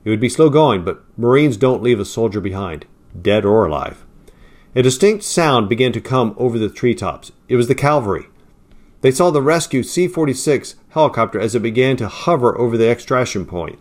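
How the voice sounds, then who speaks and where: A man's voice: lively intonation, fairly quick. Man narrating a war story. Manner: raises pitch and volume for quoted lines, drops low and quiet for tags. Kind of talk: storybook narration with dialogue read aloud.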